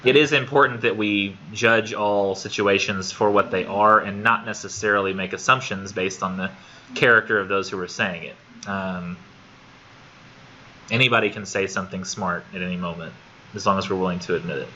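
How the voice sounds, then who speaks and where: Bright-voiced male instructor, lo-fi classroom. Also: low voice, fairly even intonation, moderate pace. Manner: talkative, repeats words while thinking. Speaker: college literature instructor. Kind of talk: casual classroom discussion. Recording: dull lo-fi classroom recording with faint noise.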